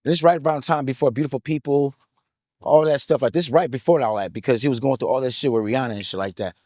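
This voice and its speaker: A man in his thirties telling his story in an interview, excitable and hyped, full of "like, like" fillers, street slang and swearing. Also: medium pitch, very fast, no echo, studio quality.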